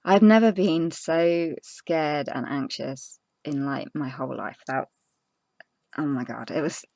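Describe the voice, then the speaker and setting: A young woman, a crafting vlogger telling a personal story in casual chat, earnest and halting with many fillers and restarts. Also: low-pitched, creaky, darkish tone, dry recording.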